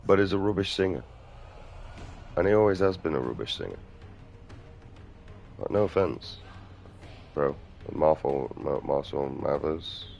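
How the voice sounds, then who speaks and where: Middle-aged man, gravelly very low voice, crude outspoken vlog rambler. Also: unhurried, long pauses, darkish tone, faint music behind. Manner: crude, outspoken, mumbling asides. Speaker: vlogger. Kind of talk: rambling casual monologue.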